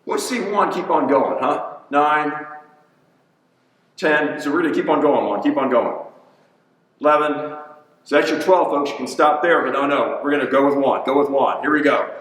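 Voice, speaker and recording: Chatty gym trainer, roomy far-off sound. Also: male voice, fairly high pitch, moderate pace, fairly bright tone. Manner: upbeat, chatty coaching, counts reps aloud. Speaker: personal trainer. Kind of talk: coaching an exercise demonstration. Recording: echoey gym, voice from off-mic.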